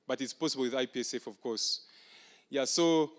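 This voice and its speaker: A man working as master of ceremonies, giving relaxed, hesitant announcements to a crowd in a large hall. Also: medium pitch, brisk. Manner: relaxed, hesitant with many fillers. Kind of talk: casual event announcements. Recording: hall reverb.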